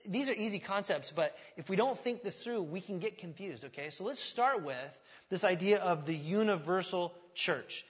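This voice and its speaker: A man's voice: sits high, breathy edge, in a large hall. A man preaching a teaching sermon to his church. He talks in a conversational way, checking in with "okay?" and restarting his sentences. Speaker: pastor.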